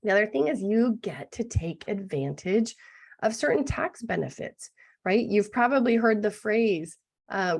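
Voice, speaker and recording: A middle-aged woman with a gruff, hoarse voice explaining business legal basics in an online masterclass, often checking in with "right?". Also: mid-range voice, lively intonation, measured pace. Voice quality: gravelly. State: gruff, throat-clearing voice. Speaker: business lawyer presenting a masterclass.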